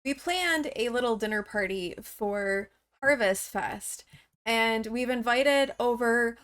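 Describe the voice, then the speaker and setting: A woman giving chatty, casual gameplay commentary with frequent gasps and excited exclamations. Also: fairly high pitch, slow pace, clean tone. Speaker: let's play host.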